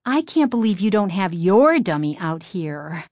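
A woman's voice: fairly low pitch, very animated, unhurried, darkish tone, no room sound, clean studio sound. Woman voicing a friendly young girl. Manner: friendly, suggesting.

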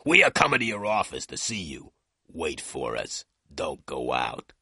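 A man voicing a menacing male gangster giving slow, threatening orders over the phone. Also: extremely low pitch, huge pitch swings, bright, forceful tone, slightly rough, no echo, clean studio sound, pitched below the performer's own voice, exaggerated voice.

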